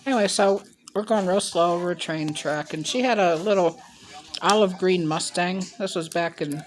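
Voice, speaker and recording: A woman's voice: on the low side, moderate pace. A woman in her sixties from Ohio, telling a rambling personal story to camera on a handheld phone, with chatty asides as she eats. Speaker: mukbang vlogger.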